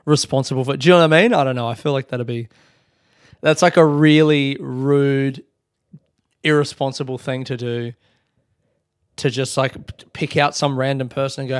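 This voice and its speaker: Young Aussie guy, solo podcast host: middle pitch, dry close mic, rambling self-mocking chatter. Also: steady tone, moderate pace, long pauses, clean tone, dry recording. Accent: Australian. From Australia. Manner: rambling, self-deprecating, full of "like" fillers. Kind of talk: casual solo storytelling.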